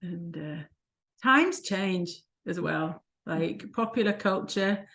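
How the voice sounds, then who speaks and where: A woman's voice: lowish voice, expressive, slow pace, fairly bright tone. A woman, a life coach co-hosting a vlog, telling stories in casual chat and laughing often. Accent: non-American, unplaced. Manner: chatty storyteller who laughs often.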